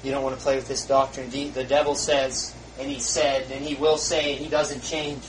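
A man preaching a fiery sermon in a church, dropping to a hush and then rising to shouts. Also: mid-range voice, flat delivery, a little fast. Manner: swings from hushed to shouting. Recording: distant mic, faint hiss.

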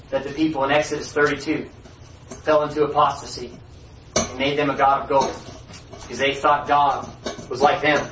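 A man with a high voice preaches and reads scripture in earnest, old-fashioned phrasing. He stands far from the mic, and the recording is echoey and dull. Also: a little hiss or hum. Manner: earnest reading, rising forceful on key lines. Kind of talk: sermon with scripture reading.

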